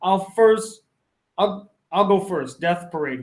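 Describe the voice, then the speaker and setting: A man with a high, darkish voice and lively intonation speaks slowly while hosting a casual livestream, rambling through viewers' chat questions. He swears freely and keeps interrupting himself, all in an echoey room.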